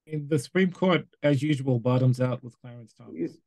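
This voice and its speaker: A man co-hosting a political talk show, making dry, sardonic remarks. His voice is mid-pitched and sounds close and dry, with no room echo. The remote call link he comes through breaks up at times. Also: moderate pace, creaky, a little mellow. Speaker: co-host.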